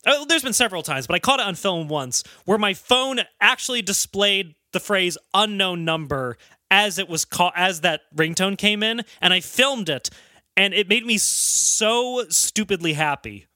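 Guy cohosting a podcast, super bright tone, jokes around and wraps things up. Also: high-pitched, lively intonation, moderate pace, no echo, clean studio sound. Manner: jokey, chuckling, sign-off patter. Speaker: podcast co-host. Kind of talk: casual podcast chat.

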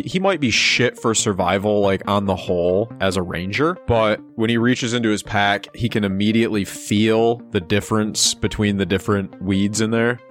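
A man hosting a tabletop role-play podcast and playing along, casual and laid-back, with a lot of profanity. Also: fairly low pitch. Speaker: host and player. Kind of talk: casual tabletop game chat.

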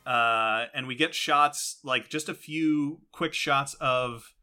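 A man's voice: mid-range voice, slow, sharp tone, faint music behind. A man hosting a podcast, recapping an episode in a rambling way with many fillers and restarts. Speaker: podcast host. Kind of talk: casual show recap.

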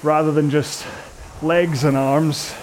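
A man's voice: a little high, flat delivery, takes it slowly, darkish tone, slight background noise. A British man coaching a rowing workout, talking casually and rambling in a self-mocking way. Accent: British English. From Britain. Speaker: rowing instructor. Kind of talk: casual talk over a row-along workout.

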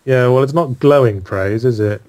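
In a casual interview, a UK author appearing as a guest comes across as dry and self-deprecating. He speaks in quick bursts at a medium pitch, and his voice is a little mellow.

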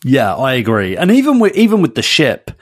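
A man's voice: medium pitch, wildly swooping pitch, brisk, no echo, studio quality. A man co-hosting a podcast, chatting casually, calling his co-host mate and laughing often. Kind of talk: casual chat.

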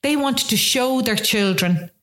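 A woman's voice: fairly high pitch, lively intonation, a little slow. An Irish woman of about sixty telling stories in casual conversation, with a chatty anecdotal manner and frequent restarts. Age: around 60. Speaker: guest.

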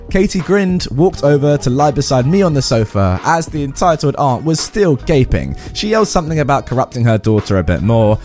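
A man's voice: on the high side, a little mellow. A man reading online stories aloud and commenting on them in a chatty manner. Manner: acts out quoted voices, chatty asides. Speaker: story reader and commentator.

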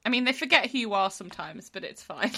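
A woman's voice: medium pitch, expressive, pushed and bright. A woman chatting casually with friends on a podcast, playful and teasing. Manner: playful, teasing, quick to laugh. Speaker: podcast co-host. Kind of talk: casual chat.

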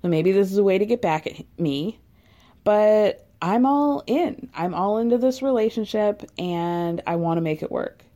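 Lady doing tired homesick young fiancée, wobbly fake accent, mellow. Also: mid-range voice, expressive, normal speed, close to an everyday voice. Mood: wistful. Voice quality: attempted foreign accent. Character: weary young woman fiancée, homesick and anxious.

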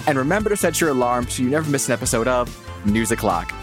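A man's voice: medium pitch, loud music behind the voice. A young man co-hosting a news podcast, joking and riffing in casual banter. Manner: wry, animated, quick to laugh. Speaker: podcast co-host.

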